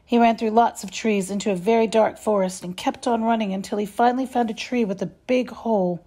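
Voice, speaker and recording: Lady reading a kids' storybook, mellow, kinda breathy. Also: fairly high pitch, fairly even intonation, brisk. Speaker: reader.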